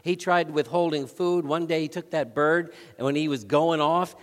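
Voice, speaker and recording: A man preaching a sermon as pastor, telling stories with swings from loud to hushed. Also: a little high, moderate pace. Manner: lively storytelling with swings between loud and hushed. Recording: long hall reverb.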